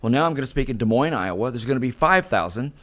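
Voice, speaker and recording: Talking fast in a mid-range voice, an older professional speaker animatedly recounts a story as an interview guest, performing each line of dialogue himself.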